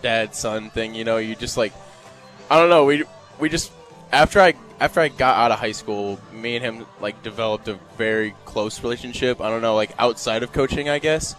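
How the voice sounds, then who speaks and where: A man in his twenties, a volunteer assistant coach, answering interview questions in a halting, rambling way. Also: mid-range voice, a bit bright, faint music behind. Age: 20s. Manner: halting, full of fillers and restarts. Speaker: guest, former player and volunteer assistant coach. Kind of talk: radio interview.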